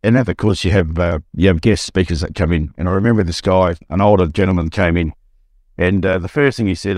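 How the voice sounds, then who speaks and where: A middle-aged Australian man, a buyer's agent, telling an animated anecdote on a podcast and acting out the quotes. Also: quick pace, no echo, clean studio sound. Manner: storytelling, acts out quotes with rising pitch.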